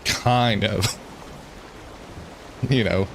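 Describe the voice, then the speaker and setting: Brief: male streamer, unhurried self-mocking gameplay chatter, faint game ambience behind. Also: on the low side, steady tone, gravelly, fairly bright tone, slight background noise. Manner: rambling, self-mocking, chuckles often. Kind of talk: gameplay commentary.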